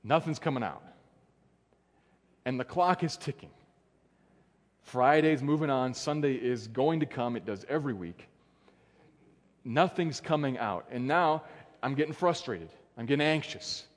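Pastor guy preaching, earnest, goes quiet and low for the big words, long church echo. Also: lively intonation, unhurried, long pauses. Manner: earnest, dropping soft and low for emphasis. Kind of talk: sermon. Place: church sanctuary. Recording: long church hall reverb.

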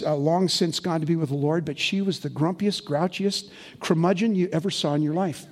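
High-voiced pastor preaching animatedly. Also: male voice, husky. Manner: animated storytelling, swinging from loud to hushed. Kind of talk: sermon. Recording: long hall reverb.

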